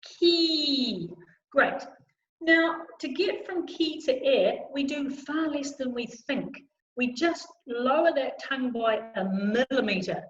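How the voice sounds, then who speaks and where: A woman leading a choir through a vocal warm-up lesson on a video call, encouraging and demonstrating sounds aloud. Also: high voice, measured pace. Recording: roomy, slightly dull video call audio.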